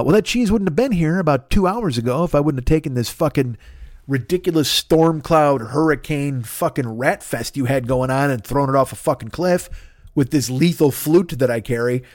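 Guy with a high voice cussing his way through a rambling comic rant, laughs at his own bits, dry close mic. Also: a little mellow, dry recording. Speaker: comedy podcast host. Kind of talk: riffing comedic monologue.

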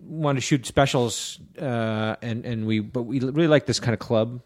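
A male comedian guest in a casual podcast chat. His voice sits at an average pitch. He rambles easily from one thought to the next. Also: moderate pace.

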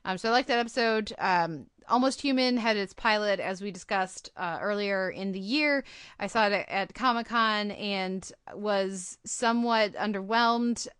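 A woman's voice: mid-range voice, normal speed, a bit bright, clear, resonant tone, no echo, clean studio sound. A woman hosting a podcast, chatting casually about TV episodes, rambling with fillers and restarts. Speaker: podcast host.

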